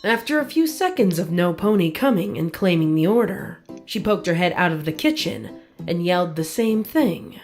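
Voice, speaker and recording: A woman narrating a pony fan story in an even storytelling manner. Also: fairly low pitch, normal speed, over music. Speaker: fanfic narrator. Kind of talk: storybook reading.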